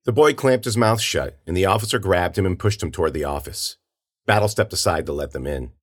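Low-voiced male story narrator. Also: brisk. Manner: steady storytelling, does character voices. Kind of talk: audiobook narration.

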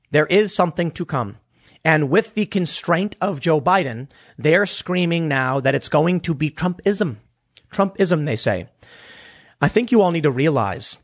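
A man giving opinionated political commentary, emphatic and sarcastic, often restarting his words. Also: fairly high pitch.

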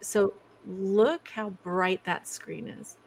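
A woman's voice: medium pitch, steady tone, takes it slowly, gravelly, a little hiss or hum. A woman being interviewed as a guest over a video call, chatty, breaking off her own sentences and laughing often.

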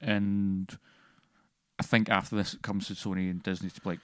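Low-voiced male podcast co-host, dry sound. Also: level tone, normal speed, smooth, dry recording. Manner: enthusiastic, laughs while retelling scenes. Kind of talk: casual film review chat.

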